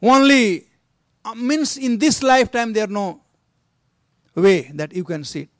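A man's voice: high-pitched, animated, slow, no echo, clean studio sound. A man voicing a jealous, spiteful stepmother queen with a cold, dismissive manner.

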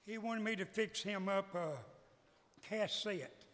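An older man sings gospel a cappella, very slow and drawn out, in a high, ringing voice. He is short of breath, and his singing rings out in a long hall reverb over faint music. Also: fairly bright tone. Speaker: gospel singer. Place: live festival stage.

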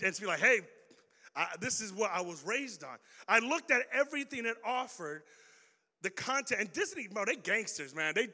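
High, bright-voiced youth pastor in a hall. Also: male voice. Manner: casual and slangy, quizzing the audience. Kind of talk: youth sermon. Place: large hall with audience. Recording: reverberant hall.

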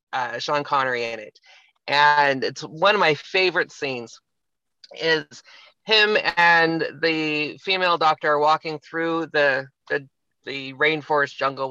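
Bright, tense voice on muffled audio. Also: male voice, fairly high pitch, clean tone, dry recording. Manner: reflective, retells a film scene in detail. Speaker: podcast guest. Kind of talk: casual conversation, storytelling. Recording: slightly muffled, lo-fi.

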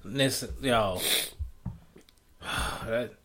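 A man's voice: medium pitch, drawn-out words. A young man co-hosting a casual podcast, telling stories with plenty of laughter and swearing. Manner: animated storyteller, laughs often, swears freely. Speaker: podcast co-host.

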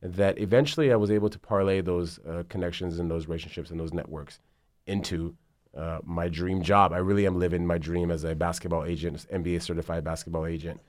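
A man's voice: low-pitched, fairly quick, no echo, studio quality. A man in his thirties, a basketball agent, talking casually in an interview and rambling through his story with plenty of swearing. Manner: rambling, profane, animated storytelling.

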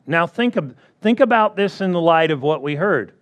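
A man's voice: fairly high pitch, animated, normal speed, few pauses. A man preaching a sermon who repeats his key phrases and keeps asking the congregation for agreement.

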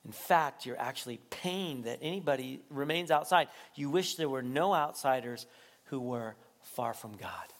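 A male pastor preaching a sermon, animated and laughing often, rising to near-shouting at peaks. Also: mid-range voice, moderate pace.

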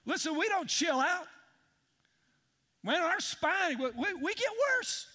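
A man's voice: very high voice, expressive, slow, bright, forceful tone. A man preaching a sermon as pastor, emphatic and calling out to his congregation. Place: large church hall. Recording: long hall reverb in a church.

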